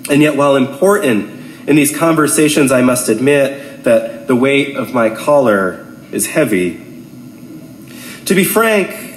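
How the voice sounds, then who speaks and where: Late-twenties male priest, nasal from a cold, slow and wry, in a roomy echoing hall. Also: mid-range voice, slight background noise. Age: 20s. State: has a cold, clears throat. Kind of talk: public talk to an audience.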